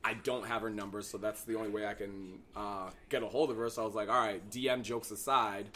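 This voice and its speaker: Young male podcast guest, lowish voice, frank and lively, plenty of filler words. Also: fairly quick, slight background noise. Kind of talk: casual podcast chat.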